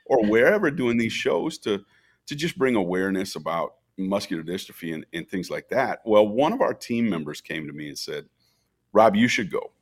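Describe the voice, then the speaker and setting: A middle-aged festival founder from Minnesota, USA, guests on a podcast in a storytelling interview, animatedly acting out the dialogue he quotes. His voice is on the low side and a little fast.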